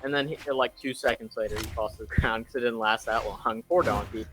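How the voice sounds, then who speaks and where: A man's voice: medium pitch, steady tone, brisk, background noise. A young man hosting, casually retelling a film plot in rambling fashion, full of fillers and self-corrections. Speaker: host.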